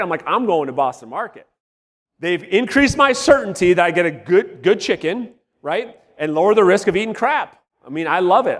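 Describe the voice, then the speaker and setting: A man coaching real estate agents at a live workshop, energetic and blunt, swearing and quizzing the audience, his voice wearing out. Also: sits high. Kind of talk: live workshop teaching to a room. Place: large room with live audience. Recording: long hall reverb.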